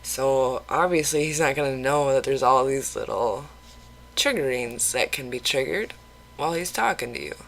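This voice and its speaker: A vlogger talking openly in a casual confessional video, rambling with halting restarts and casual swearing. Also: medium pitch, expressive, vocal fry, a bit bright, slight background noise, low-quality recording. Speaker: mental health vlogger.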